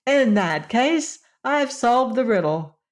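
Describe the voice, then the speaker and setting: A woman voicing a lively, cheeky patchwork girl in an audiobook, bubbly and excitable. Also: fairly high pitch, slow pace, voice pushed up. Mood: excited. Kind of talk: audiobook character voice.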